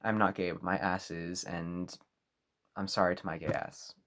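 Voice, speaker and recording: A young man talking to camera in a mock-serious apology video, over-earnest and halting. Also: sits low, steady tone, a bit bright. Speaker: vlogger.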